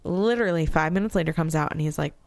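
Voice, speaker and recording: Lively mother telling a story, low voice. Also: fast, no echo. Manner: animated, acts out quotes, swears freely. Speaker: podcast co-host. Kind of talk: casual storytelling chat.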